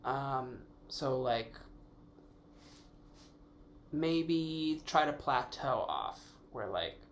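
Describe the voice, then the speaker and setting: A man hosts a solo podcast in a loose, rambling style, working ideas out aloud and correcting himself as he goes. His voice sits at an ordinary pitch with a gravelly edge. A faint hum runs under the recording. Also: expressive, extremely slow. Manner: casual with mild swearing. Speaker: podcast host. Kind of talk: casual solo podcast musing.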